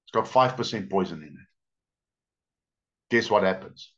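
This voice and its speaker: Pastor, sermon, expressive pitch swings, dull lo-fi church recording. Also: male voice. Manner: storytelling, emphatic with drawn-out words. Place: church service.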